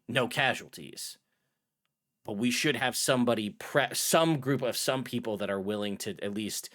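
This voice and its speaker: A man voicing a harried town official in a tabletop game, rambling quickly and cutting himself off. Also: mid-range voice, fairly bright tone, natural voice. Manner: rambling, rapid, self-interrupting. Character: harried male town official, fast-talking and overwhelmed. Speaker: dungeon master voicing a townsman. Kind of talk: tabletop role-play.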